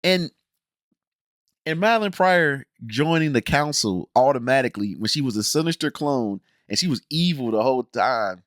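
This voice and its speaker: A man rants through a show review, exasperated and blunt, with slangy talk and lots of restarts. His voice sits at an ordinary middle pitch. The sound is close and dry, with no room around it. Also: lively intonation, brisk, few pauses, no echo. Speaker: video reviewer.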